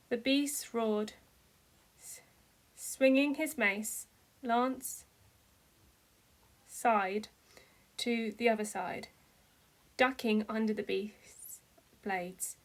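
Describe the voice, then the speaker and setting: Reading fan fiction at a slow pace, an amateur narrator with a higher voice keeps the story steady. For the dialogue, she lifts her voice into cries.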